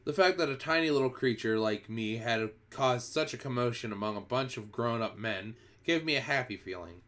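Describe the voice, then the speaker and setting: On a livestream, a man reads a children's book told in the first person, using a medium-pitched, slightly bright voice at normal speed. His reading is expressive, and he often backs up to restart a phrase.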